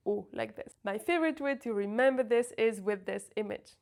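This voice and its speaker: A woman teaching pronunciation, sounding out words slowly and carefully to demonstrate each sound. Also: a little high, gravelly, darkish tone. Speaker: French teacher. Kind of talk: pronunciation lesson.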